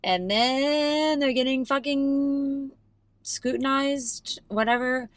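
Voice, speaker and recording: A woman's voice: high-pitched, slow, no room sound. A woman co-hosting a casual podcast chat, swearing casually and laughing often. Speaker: podcast co-host. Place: parked car.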